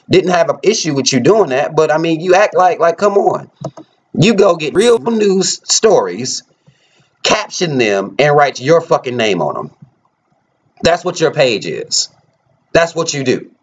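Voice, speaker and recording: A middle-aged man delivering a heated, profane rant straight to camera. He repeats himself and confronts his target head-on. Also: medium pitch. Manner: angry, profane, repetitive, confrontational. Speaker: video blogger.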